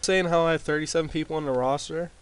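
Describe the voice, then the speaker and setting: A man casually recapping his wrestling sim game in a rambling way, with lots of fillers and restarts, talking into a desk mic turned up loud. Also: a little high, steady tone, quick pace, smooth. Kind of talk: casual commentary over gameplay. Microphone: desk mic with boosted gain.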